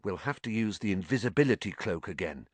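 A man voicing a determined, quiet-spoken schoolboy in an audiobook reading, in a firm, low-key manner. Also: animated, fairly quick, dry recording. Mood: resolute. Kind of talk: audiobook character voice.

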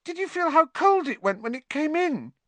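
A man's voice: extremely high pitch, very animated, moderate pace, no room sound, pitched above the performer's own voice. A man reading an audiobook, voicing a nervous, shy teenage boy who speaks in a shaky, anxious way. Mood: frightened. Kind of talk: audiobook character voice.

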